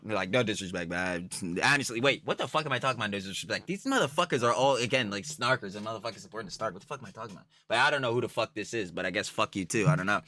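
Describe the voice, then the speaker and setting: Bright-voiced man ranting casually. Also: medium pitch. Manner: profane, rambling, slangy rant. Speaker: commentary YouTuber. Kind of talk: casual reaction commentary.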